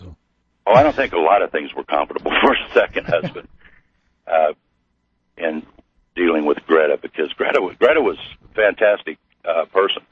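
Very deep, husky man on a phone line. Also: lively intonation, no echo. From Missouri. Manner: slow, halting with many fillers. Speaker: guest. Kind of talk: storytelling interview. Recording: tinny phone-like radio line.

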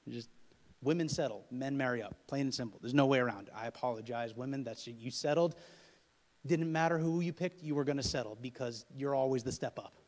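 A man's voice: mid-range voice, fairly quick. Man telling a personal story. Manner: animated, acts out dialogue loudly. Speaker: podcast host.

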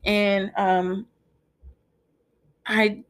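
A woman in her twenties hosting her own podcast, talking in a heartfelt, emotional way with many pauses, near tears. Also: medium pitch, little pitch movement. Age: 20s. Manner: emotional, heartfelt, soft-spoken with frequent ums. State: tearful. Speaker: podcast host. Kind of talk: personal podcast monologue.

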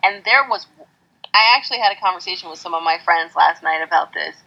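A woman's voice: on the low side, fast talker, vocal fry, pushed and bright. A woman guest in a casual podcast chat, telling stories in a matter-of-fact, wry way. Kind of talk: casual chat over a conference call. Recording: muffled lo-fi call audio.

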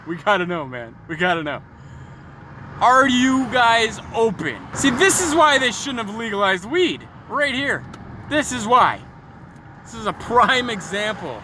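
A man's voice: high voice, background noise. A man in his thirties telling a comedic story on a podcast, profane and exasperated, mocking the people in it.

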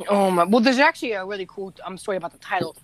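A man's voice: high-pitched, rapid-fire, very noisy. Rambling teenage guy musician. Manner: rambling, laughing, self-correcting storyteller. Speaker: musician and podcast co-host. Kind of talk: casual podcast chat.

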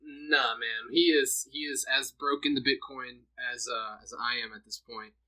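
Bright-voiced young man telling stories. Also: medium pitch, steady tone, normal speed, low-quality recording. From New Jersey. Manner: laughs often, storytelling with many "like"s. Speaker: podcast guest. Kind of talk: casual chat.

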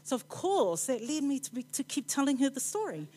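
A woman with a New Zealand accent giving a chatty, rambling sermon in a church, full of playful asides and quick laughs. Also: high voice, very animated, dark tone. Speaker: preacher.

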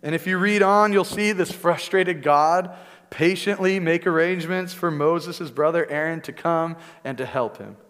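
Male preacher, conversational sermon, fairly high voice, long reverb of a big church hall. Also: moderate pace, a bit bright, clear, resonant tone. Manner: conversational teaching, frequent "right?" asides.

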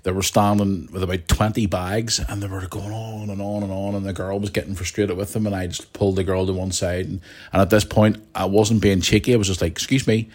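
A man's voice: deep voice, little pitch movement, brisk, darkish tone. A young man hosting a podcast, telling a long rambling story with plenty of restarts and asides to his listeners. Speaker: podcast host. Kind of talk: casual storytelling monologue.

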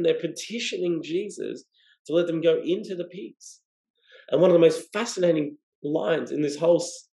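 Gravelly man preaching. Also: on the high side, warm tone, roomy sound, low-quality recording. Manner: expository, asks rhetorical questions. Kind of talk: sermon.

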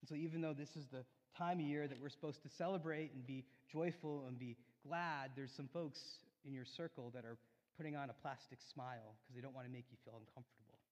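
A man preaching a sermon in a church, telling a personal story earnestly, rising loud and then dropping soft. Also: medium pitch, steady tone, fairly quick. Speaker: pastor. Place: church sanctuary. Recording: long hall reverb.

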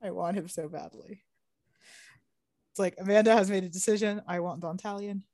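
A young woman co-hosting a podcast in casual chat, animated, swearing freely and laughing often. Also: medium pitch, normal speed, no room sound. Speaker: podcast co-host.

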